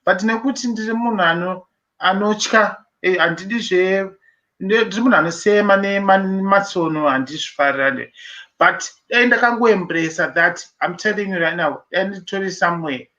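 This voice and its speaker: A man's voice: sits high, normal speed, sharp tone, dull audio. A man with a Zimbabwean accent in a casual online chat, reflective and hesitant, with frequent fillers. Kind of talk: casual group discussion, mixing English and Shona.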